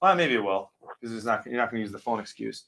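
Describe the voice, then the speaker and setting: A man's voice: mid-range voice, animated, quick pace, vocal fry, sharp tone. A man co-hosting a casual live stream, laid-back and jokey, trading tips and stories with slangy asides.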